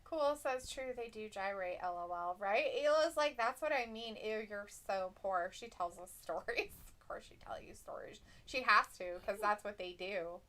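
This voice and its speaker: A woman's voice: medium pitch, expressive, moderate pace, sharp tone. A woman with a Southern accent co-hosting a casual live watch-along, reading chat comments aloud and joking. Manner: chatty, reads chat comments aloud and jokes. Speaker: co-host reading viewer chat.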